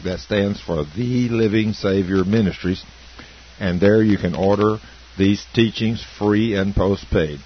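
A man with a very deep voice closes the program and reads out contact details in a steady, measured way. The audio is dull, with a soft hiss. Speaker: program host. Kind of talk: broadcast sign-off announcement.

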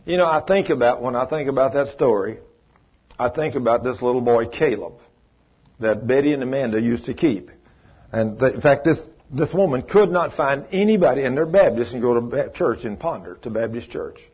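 Folksy preacher man, husky voice. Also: medium pitch, normal speed. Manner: folksy, animated, acts out quoted voices. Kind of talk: sermon storytelling. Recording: muffled lo-fi recording.

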